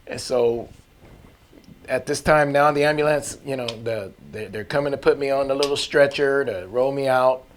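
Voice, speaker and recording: A man's voice: mid-range voice, moderate pace, a little hiss or hum. A man giving a personal faith testimony in an earnest, candid, conversational way, with folksy phrasing. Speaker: testimony speaker.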